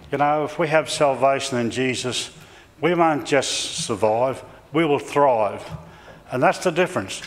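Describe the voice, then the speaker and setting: An older Australian man, a cattle farmer and lay preacher, giving a sermon with rambling, homespun stories and frequent self-corrections. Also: mid-range voice. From Central Queensland, Australia. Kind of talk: sermon with folksy personal stories. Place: church. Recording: church reverb, faint background noise.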